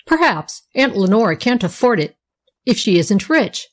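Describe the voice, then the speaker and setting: A woman's voice: mid-range voice, very animated, moderate pace. A woman reading an audiobook voices Wilfred, a smug boy of nearly nine, in a teasing, matter-of-fact way.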